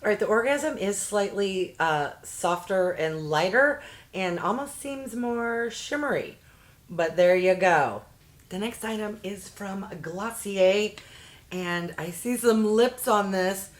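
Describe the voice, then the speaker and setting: A middle-aged woman unboxes beauty products for her vlog, chatting casually, easily delighted and tossing in jokey asides. Her mid-range voice is animated and slow.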